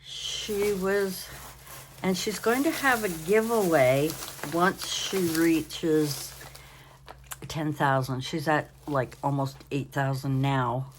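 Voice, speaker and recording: A woman's voice: low-pitched, takes it slowly, a little hiss or hum. An older woman hosting a casual crafting vlog from home, tired and yawning, chatting in a rambling, apologetic way. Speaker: craft channel host.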